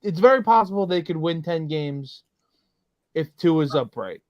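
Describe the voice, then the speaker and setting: A man co-hosting a podcast, chatting casually about football and making confident, animated predictions. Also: on the high side, moderate pace, dry recording, highs cut off. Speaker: podcast co-host. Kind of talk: casual sports chat.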